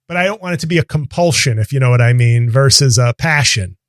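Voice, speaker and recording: A man's voice: medium pitch, animated, fast talker, no room sound, studio quality. A man in his forties, a comedian hosting a podcast, talking in a self-deprecating way and laughing easily. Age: 40s. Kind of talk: casual chat.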